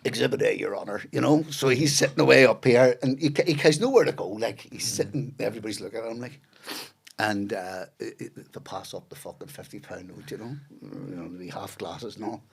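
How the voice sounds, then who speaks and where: A man's voice: lowish voice, brisk, vocal fry, breathy edge. A middle-aged man, a podcast guest telling rambling, profane anecdotes. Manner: swears freely, rambling anecdotes with fillers. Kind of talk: casual storytelling.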